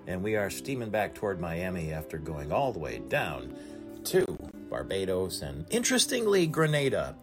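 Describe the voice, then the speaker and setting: A male radio host talks in a chatty, storytelling way, his voice sitting a bit low. A string group plays clearly behind him the whole time, as if he is on board a ship. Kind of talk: casual talk radio monologue. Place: aboard a cruise ship. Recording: string music playing behind. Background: string music.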